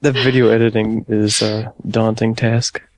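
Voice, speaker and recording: A man's voice: on the low side, little pitch movement, measured pace, very noisy. A man guest in a casual podcast chat, laid-back and joking.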